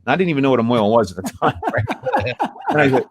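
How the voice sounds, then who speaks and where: A man's voice: mid-range voice, big pitch swings, quick pace, dry recording. A man in casual chat, telling a joke and laughing as he acts out its lines.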